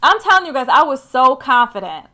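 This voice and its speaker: Bright, chatty young woman. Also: high voice, fairly quick. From Michigan. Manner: chatty and animated, lots of "like". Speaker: career vlogger. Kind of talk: casual storytelling to camera.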